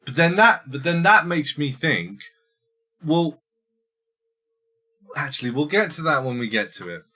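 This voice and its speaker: Bright-voiced rambling podcast host. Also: male voice, a little high, big pitch swings, a little slow. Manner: rambling, stammers and restarts, crude humor. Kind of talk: casual film chat.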